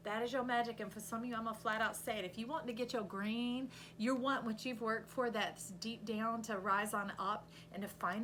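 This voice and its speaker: A woman reading tarot cards aloud in an animated, coaching way, with sudden loud bursts. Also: fairly high pitch, a little hiss or hum. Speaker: intuitive tarot reader.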